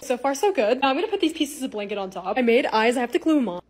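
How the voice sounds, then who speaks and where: A woman's voice: fairly high pitch, very animated, very fast, a little mellow. A young woman narrating her lifestyle vlog in a bubbly, upbeat, casual voice-over. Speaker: lifestyle content creator.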